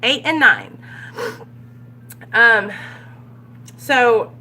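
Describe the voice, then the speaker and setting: A woman's voice: a little high, very animated, drawn-out words, pushed and bright, slight background noise. A woman leading a casual recovery study group, candid and conversational, often checking in with her listeners. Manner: candid, keeps checking in with "right?". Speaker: recovery vlogger leading a Big Book study. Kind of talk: casual chat.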